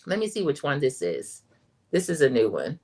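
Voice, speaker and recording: A woman's voice: low voice, huge pitch swings, moderate pace, a little mellow, husky. Chatty woman hosting a recap stream. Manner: chatty, addresses viewers as y'all, reads chat comments aloud. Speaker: show host recapping reality TV. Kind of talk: casual recap commentary livestream.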